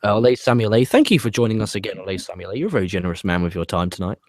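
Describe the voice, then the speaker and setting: A man's voice: on the low side, expressive, racing, background noise. A man with a British accent co-hosting a casual wrestling podcast, reading out viewer comments with wry, dismissive asides. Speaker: podcast co-host.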